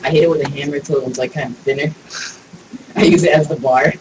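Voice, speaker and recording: A man's voice: fairly high pitch, fairly even intonation, fast talker. A man chatting casually while playing a game, joking and swearing with his friends. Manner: joking, profane banter. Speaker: gamer. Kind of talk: casual gaming chat. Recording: distant mic with room noise.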